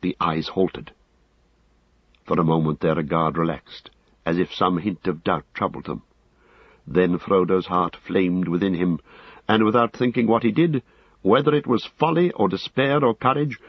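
A man reading a fantasy novel aloud, measured and dramatic. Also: deep voice, breathy edge, dry recording. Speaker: audiobook narrator. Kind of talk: scripted fantasy narration. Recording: slightly dull dry recording.

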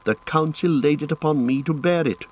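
A man reading an audiobook, voicing a small, frightened but stubborn male hobbit who speaks quietly and firmly. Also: on the high side, fairly quick, slightly rough, voice pushed up.

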